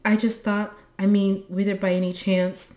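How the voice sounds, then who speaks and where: A woman's voice: mid-range voice, level tone, normal speed, a little mellow, pitched above the performer's own voice, close to an everyday voice. A woman voicing a friendly, bashful young boy who keeps a lookout tower in a storybook reading. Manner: eager, bashful, hospitable. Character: shy, friendly red-haired lighthouse boy.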